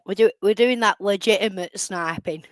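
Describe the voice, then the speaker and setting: A woman's voice: medium pitch, moderate pace, no echo. A woman hosting a live stream, chatting casually and sarcastically as she comments on clips. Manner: chatty, sarcastic, laughs often.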